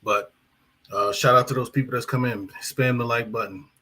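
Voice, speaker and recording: Here a man runs a casual live-stream about boxing, commenting in a meandering way full of fillers and corrections as the channel's host. His medium-pitched voice is bright and forceful, with fairly even intonation and a moderate pace, though the recording is rough.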